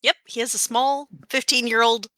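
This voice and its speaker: A woman co-hosting a podcast, chiming in with quick jokes and agreement in casual chat. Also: on the high side, fairly even intonation, sharp tone, no echo, clean studio sound. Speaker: podcast co-host.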